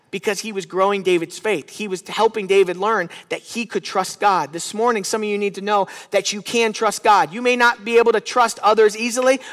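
Male pastor in his thirties, high-pitched, fervent sermon delivery, recorded with long church-hall reverb. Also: fairly bright tone. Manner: preaching with rising fervor, calls to the congregation.

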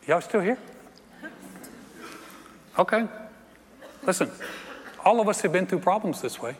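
Speaking a little slowly and pausing often, this middle-aged pastor has a high-sitting voice, with slight background noise. He animatedly acts out scenes and trades jokes with the congregation, recorded in a reverberant church sanctuary with faint ambience.

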